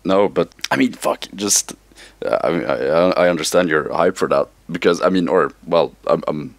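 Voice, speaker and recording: A man co-hosting a casual podcast, excitable, stammering and swearing as he geeks out. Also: deep voice, normal speed, gravelly, no room sound. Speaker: podcast co-host. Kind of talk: casual chat.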